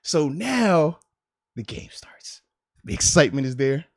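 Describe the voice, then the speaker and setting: A man's voice: fairly high pitch, sing-song, unhurried, no echo, studio quality. A man in his thirties hosting a podcast, telling a family story in casual chat, often laughing. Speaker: podcast host, former player.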